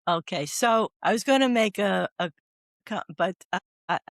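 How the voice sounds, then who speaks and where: A woman's voice: medium pitch, normal speed, no room sound, clean studio sound. Older woman, rambling anecdotal storyteller. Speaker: oncology doula and guest. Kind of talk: casual podcast interview.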